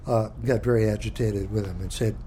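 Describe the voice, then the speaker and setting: A man reading from his own book to a live audience, with halting, thinking-aloud asides between passages. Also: on the low side, steady tone, warm tone, slight background noise.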